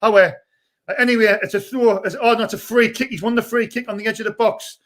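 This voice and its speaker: High-voiced excitable man. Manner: shouts and rushes during attacks, chats between. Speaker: fan channel host. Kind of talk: excitable live fan commentary.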